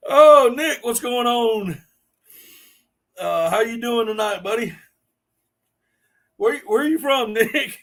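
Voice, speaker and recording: A man hosting a casual live stream, laughing helplessly between drawn-out exclamations as he chats with viewers. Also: extremely high pitch, lively intonation, a bit bright. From Southern US. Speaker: host.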